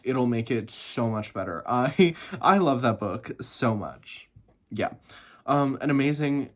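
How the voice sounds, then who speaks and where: Sounding a little tired, a man with a medium-pitched voice reviews books he adored in an easygoing chat. He's excitable and effusive, with plenty of laughter and swearing.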